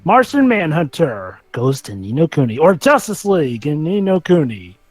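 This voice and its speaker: A man in casual gaming chat, excitable and jumping to quick tangents. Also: on the high side, no room sound.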